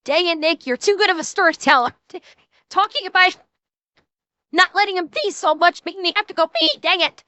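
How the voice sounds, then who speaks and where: A woman's voice: extremely high pitch, lively intonation, brisk, sharp tone, dry recording. A woman streamer reacting to a video on a live stream, joking, swearing freely and laughing often. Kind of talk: casual live-stream commentary.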